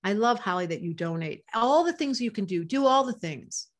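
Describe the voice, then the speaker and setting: A woman's voice: mid-range voice, lively intonation, normal speed. An older woman teaching astrology to a live online audience, passionate and emotional, reading out chat comments as she talks.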